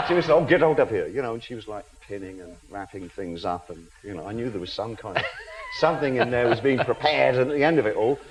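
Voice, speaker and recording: A man's voice: mid-range voice, fast talker, very noisy. A man in his fifties, a chat show guest in a television studio, telling self-mocking anecdotes and laughing through them. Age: 50s.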